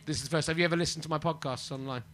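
A man in his forties hosting a live comedy podcast, rambling and self-mocking, prone to sudden shouting. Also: on the high side, steady tone, racing, slight background noise. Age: 40s. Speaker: podcast host. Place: live venue with audience.

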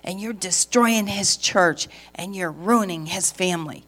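Hostile accusing church woman, put on by a woman preacher, slow and cold, slightly low voice. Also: fairly bright tone.

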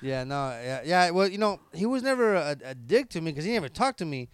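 A man's voice: on the high side, big pitch swings, a little fast, clean tone, no room sound. A man, a comedian telling rambling stories in casual chat. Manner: rambling, laid-back, lots of fillers. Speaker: stand-up comedian, podcast host.

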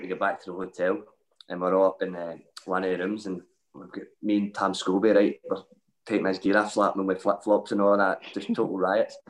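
A Scottish man, a former footballer, telling a rambling, lively anecdote full of asides in a casual chat. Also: fairly low pitch, rough recording. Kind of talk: casual storytelling.

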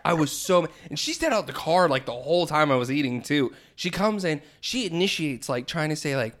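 A man telling a story in casual chat, animated and self-mocking, acting out what he said. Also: a little high, normal speed, few pauses. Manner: animated, self-mocking, acts out his own quotes.

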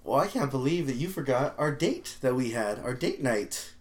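A man's voice: mid-range voice, lively intonation, moderate pace. A man co-hosting a podcast, chatting in a dry, laid-back way. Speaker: podcast co-host. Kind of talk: casual chat.

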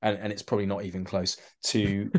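Animated London man telling stories. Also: lowish voice, brisk. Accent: London English. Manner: animated storyteller, acts out quoted voices, many restarts. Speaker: actor guest. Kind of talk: podcast interview anecdotes.

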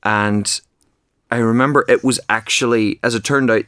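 A man's voice: medium pitch, steady tone, normal speed, fairly bright tone, smooth, no room sound, studio quality. A man, talking about his book as a guest in an interview, keen, with many false starts and repeated words. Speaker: author and actor guest. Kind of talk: conversational interview.

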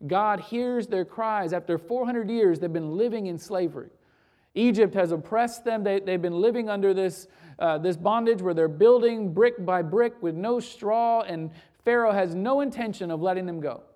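A man preaching a sermon as pastor, emphatic, asking rhetorical questions and repeating phrases, swinging from loud urgent peaks to low quiet lines. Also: normal speed.

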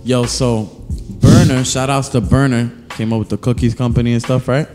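A man riffing loosely on a podcast, joking and animated as he tells a story. His voice rings with a long reverb, and faint music sits behind him. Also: medium pitch, moderate pace. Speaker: podcast co-host. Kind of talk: casual podcast banter.

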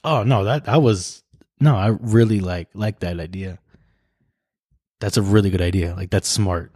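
A man's voice: low-pitched, moderate pace, warm tone, dry recording, studio quality. A man co-hosting a podcast, telling a story in a casual, profane way and acting out the voices of the people in it. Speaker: podcast co-host. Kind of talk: casual chat.

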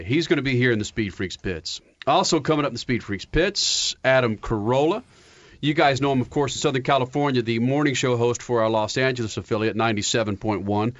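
Brash, loud male radio host in a dry, slightly muffled studio. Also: mid-range voice, no room sound. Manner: loud, hyped, brash and joking. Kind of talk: energetic motorsports radio banter.

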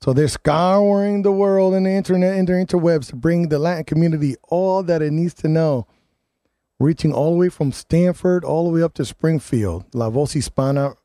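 A man's voice: fairly high pitch, normal speed, warm tone, no room sound. A man hosting a live talk radio show, ranting and restarting his words often as he reads listener comments and programming notes in the studio.

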